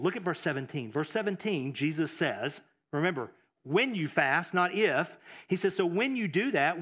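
A man's voice: high voice, animated, normal speed, fairly bright tone, breathy edge. A man preaching a sermon as pastor, emphatic, repeating phrases, with fillers and restarts.

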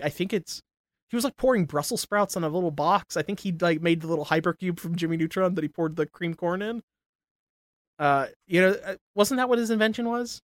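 Brief: young male co-host, slightly high voice, close dry mic, profane animated rants. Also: dry recording. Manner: animated ranting, heavy swearing, laughs often. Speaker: podcast co-host. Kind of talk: casual profane chat.

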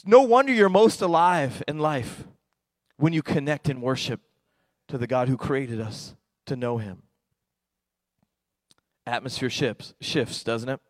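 A middle-aged man preaching a lively sermon as pastor, swinging between quiet, intimate stretches and loud, excited ones. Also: mid-range voice, a little slow, pauses often, no echo.

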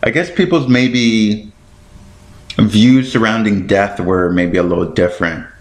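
A man's voice: on the low side, measured pace, echoey room. A man hosting a podcast on his own, rambling and thinking aloud as he looks things up, tripping over words and apologizing for it. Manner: self-deprecating, stumbles over words. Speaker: podcast host. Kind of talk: casual solo podcast talk.

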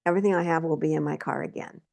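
A woman talking candidly in a casual conversation, telling stories about her life and getting animated when she acts out her own reactions. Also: low voice, rapid-fire, creaky. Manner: candid storytelling, animated when quoting herself. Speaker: guest.

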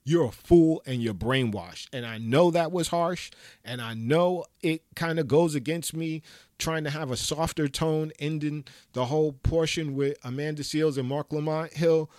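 A man's voice: a little high, moderate pace, a little mellow, no echo, clean studio sound. A man giving an impassioned, profane solo commentary, talking emphatically and ranting. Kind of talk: impassioned monologue.

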